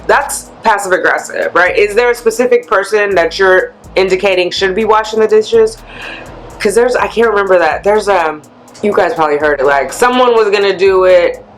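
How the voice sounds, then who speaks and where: A woman vlogger chatting candidly to camera, a blunt and animated storyteller letting off steam. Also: mid-range voice, moderate pace, faint music behind. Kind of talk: candid vlog chat.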